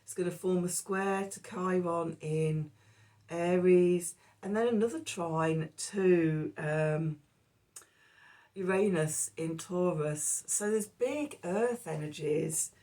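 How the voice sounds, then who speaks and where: A tarot reader with a low, mellow, unhurried voice chats loosely about the day's astrology and tarot, often losing her thread and filling gaps with ums. She's hoarse, a recurring cough catches her, and she sits a bit back from the mic.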